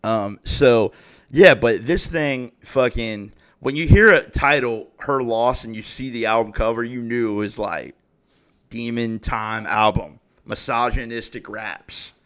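Profane, animated young man hosting a podcast. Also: mid-range voice, measured pace, clear, resonant tone. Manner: heavy profanity, animated and exasperated storytelling. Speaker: podcast host. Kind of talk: casual solo podcast rant.

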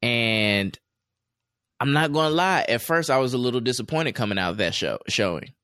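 Casual male co-host, rambling delivery, mid pitch, dry mic. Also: moderate pace, dry recording. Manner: relaxed, rambling with many fillers and restarts. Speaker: podcast co-host. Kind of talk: casual chat.

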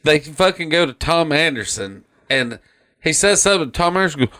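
Profane man retelling cartoon scenes. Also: on the high side. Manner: profane, animated retelling of cartoon scenes with quick put-on voices. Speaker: podcast co-host. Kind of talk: casual chat.

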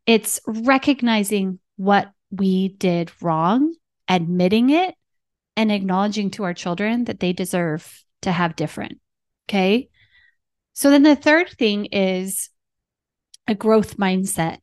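Female parent coach and podcast host, mid-pitched, instructive, dry close-mic read. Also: lively intonation, slow, a little mellow, no room sound. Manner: teaching in numbered steps, checking in with "right?" and "okay".

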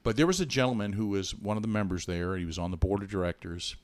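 A middle-aged man co-hosting a podcast, telling a personal story in an earnest, animated way with many restarts. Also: on the low side, fast talker, no echo. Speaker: podcast co-host. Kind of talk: casual storytelling chat.

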